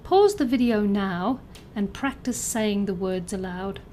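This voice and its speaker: A woman narrating a scripted pronunciation lesson, enunciating each example word clearly and carefully. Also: mid-range voice, measured pace, warm tone, slight background noise. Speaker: pronunciation teacher.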